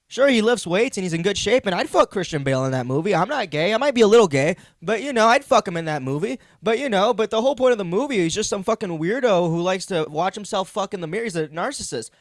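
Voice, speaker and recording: A man's voice: sits high, no echo, studio quality. A young man hosting a comedy podcast, ranting in a meandering, profane, self-deprecating way. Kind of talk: rambling comedic monologue.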